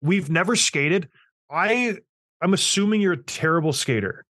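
On a podcast, a man with a voice slightly higher than most men's delivers a casual, opinionated rant, blunt and emphatic, pressing his points and teasing his co-host. He sounds expressive and fairly bright at normal speed, recorded dry and close with no room echo.

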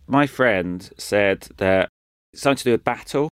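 A man's voice: lowish voice, normal speed, clean tone, no room sound. A man, a comedian guesting on a podcast, making dry jokes in a meandering way. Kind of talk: casual comedy chat.

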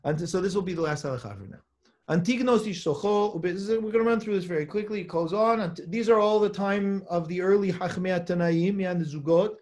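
A man with a high-pitched voice gives a live Torah class in a study hall. He reads Hebrew passages aloud, then explains them in plain talk. He stops now and then to put questions to his students. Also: fast talker, few pauses, a little mellow. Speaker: rabbi teaching a class.

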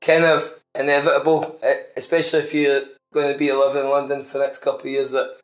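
A man's voice: mid-range voice, completely flat delivery, fast. A Scottish man co-hosting a podcast, telling an amused, rambling anecdote in a casual chat. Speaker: podcast co-host. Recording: roomy echo.

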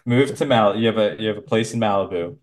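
Laid-back low-voiced man, joking around. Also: fast talker. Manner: laid-back, laughs often, sets up bits. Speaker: podcast co-host. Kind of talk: casual comedic banter.

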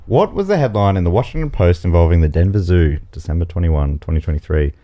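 A man's voice: deep voice, lively intonation, fast, few pauses, dark tone. A man hosting a comedy quiz podcast, reading out questions with playful jokey asides. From Australia. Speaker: game show host.

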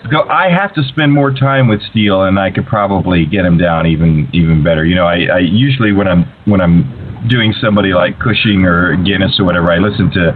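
A man's voice: low voice, brisk, hardly any pauses, a little hiss or hum. A man calling in to a live stream, a voice actor who talks playfully and laughs often. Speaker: voice actor caller. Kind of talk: call-in chat on a live stream. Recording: tinny phone line.

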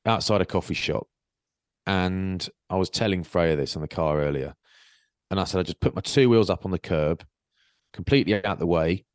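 A deep-voiced man co-hosts a casual chat podcast over a video-call mic, speaking at normal speed with clean studio sound and no echo. An animated storyteller, he acts out the voices of the people in his stories.

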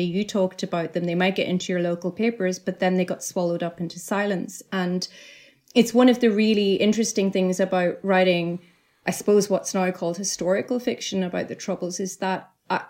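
A middle-aged Northern Irish woman speaks as an interview guest, her voice sitting somewhat low. She talks in an earnest, reflective way and often circles back to restart her sentences. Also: darkish tone. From Northern Ireland. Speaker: novelist, guest. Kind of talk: interview conversation.

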